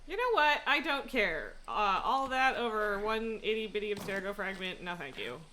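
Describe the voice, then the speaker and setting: A woman's voice: mid-range voice, lively intonation, moderate pace, bright, forceful tone, a little hiss or hum. A young woman streaming a game live, chatting casually, swearing and laughing often. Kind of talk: casual live gaming commentary.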